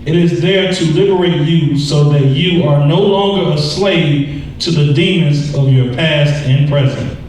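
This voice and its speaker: Brief: male reader, very slow and measured, slightly high voice, distant in an echoey room. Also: a little mellow, a little hiss or hum. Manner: slow, deliberate reading. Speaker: reader in a church lesson. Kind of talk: reading a text aloud.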